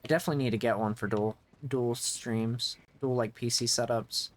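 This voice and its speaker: A man's voice: mid-range voice, steady tone, moderate pace. A man streaming a video game, giving casual running commentary that rambles and often restarts mid-thought to correct himself.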